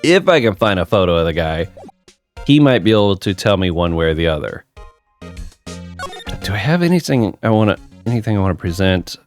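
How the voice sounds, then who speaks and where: A man's voice: deep voice, very animated, brisk, pauses often, soft background music. A man hosting a let's play, casually thinking aloud with ums as he plays. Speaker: gaming channel host.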